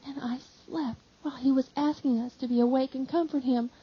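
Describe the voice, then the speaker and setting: Woman reading as a weeping young man, remorseful, cries pitched high, husky, slightly dull audio. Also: steady tone, brisk. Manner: sobbing, pleading, high strained cries.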